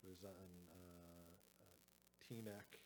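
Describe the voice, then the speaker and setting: A man's voice: sits low, flat delivery, slow pace, a little mellow, slight background noise, rough recording. A man from northern New Jersey chatting casually on a group live stream, rambling and restarting his sentences. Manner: rambling, self-correcting, with many restarts. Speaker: podcast host.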